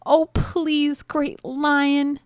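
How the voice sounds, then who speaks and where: A woman voicing a tiny, timid male mouse in a storybook reading, in a high, squeaky, begging voice. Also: little pitch movement, drawn-out words, dry recording, studio quality, exaggerated voice. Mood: pleading.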